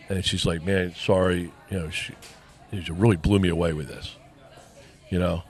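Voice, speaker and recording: A man with a lowish voice tells a long personal story in a relaxed chat. He slips into the voices of the people he quotes as he goes. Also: normal speed, pauses often. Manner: animated storyteller acting out quoted dialogue. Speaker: podcast co-host.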